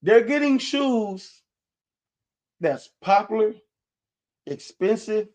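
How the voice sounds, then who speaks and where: A man's voice: sits high, big pitch swings, slow pace, darkish tone. A man hosting his own livestream, talking casually and rambling about sneakers and street culture, full of "man" and "y'all". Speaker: livestream host.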